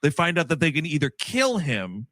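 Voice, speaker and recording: A man's voice: fairly high pitch, wildly swooping pitch, normal speed, a bit bright, no echo, clean studio sound. A man co-hosting a casual movie review podcast, ranting and swearing, slipping into mocking impressions. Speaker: podcast co-host.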